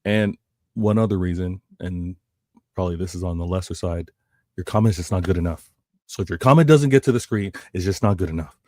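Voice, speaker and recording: Low-voiced man rambling about football. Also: brisk, dark tone, no echo, studio quality. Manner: rambling, restarts phrases, addresses chat. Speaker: co-host. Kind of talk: casual football chat.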